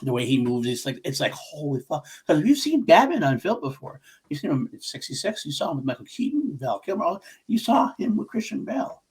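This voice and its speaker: Slightly high-pitched and very animated, this male podcast co-host talks briskly with hardly a pause and a breathy edge to his voice. He's discussing films in a relaxed, excited, rambling way, complete with restarts and swearing.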